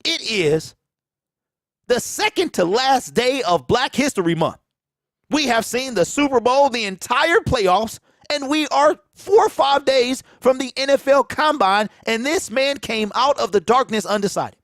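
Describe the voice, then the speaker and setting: With a very high, slightly bright voice and lively intonation, a Michigan-accented sports talk host rants at a measured pace. His casual commentary is preachy and leans on repeated phrases, recorded dry on a close mic that pops on plosives.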